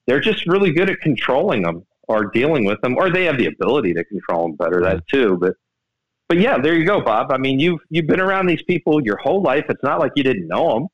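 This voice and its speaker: A man telling lively golf stories on a radio sports show, acting out other people's lines. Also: medium pitch. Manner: animated storyteller, quick to act out other people. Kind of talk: casual radio golf chat. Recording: dull radio broadcast sound.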